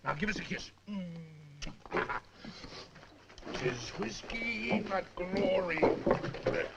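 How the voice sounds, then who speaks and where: A man's voice: high voice, animated, slow, creaky, exaggerated voice. A man in an old film playing a drunken, sweet-talking soldier who coaxes and teases his girl before leaving. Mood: boozy tender. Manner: coaxing, teasing, theatrical. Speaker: film actor. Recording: noisy old film soundtrack.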